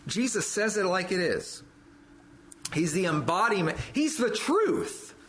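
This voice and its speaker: Fervent male preacher, very animated delivery, lines repeated for stress. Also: sits high, measured pace, a little hiss or hum, poor audio. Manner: fervent, rising to loud emphatic peaks on quoted scripture; repeats phrases for emphasis. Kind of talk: sermon.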